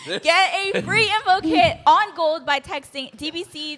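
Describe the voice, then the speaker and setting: A high-pitched woman co-hosting a casual podcast and laughing through the sponsor read. Her tone stays light and amused. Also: expressive, unhurried, hardly any pauses, a bit bright, a little hiss or hum. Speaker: co-host, sponsor reader. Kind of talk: casual podcast banter, reading ads.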